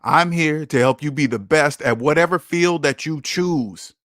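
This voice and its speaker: A man's voice: fairly high pitch, unhurried, a bit bright, no room sound, studio quality. A man hosting a casual livestream, talking bluntly and emphatically, with profanity and lots of repetition. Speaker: livestream host.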